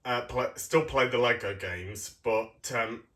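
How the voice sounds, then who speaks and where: Young man, casual toy review, slow and hesitant with many ums, bright voice. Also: medium pitch.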